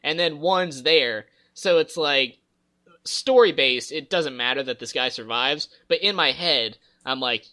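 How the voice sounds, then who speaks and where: A man's voice: mid-range voice, normal speed, sharp tone. A man hosting a casual gaming podcast, rambling through stories and acting out characters' lines. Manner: rambling storyteller, acts out game characters' lines. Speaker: podcast host.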